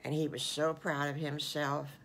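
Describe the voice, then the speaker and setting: An older woman, a great-grandmother, telling an improvised children's story slowly with homely asides to the little listeners over a video call. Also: sits low, flat delivery, fairly bright tone. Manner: slow, homely, addressing children with small asides.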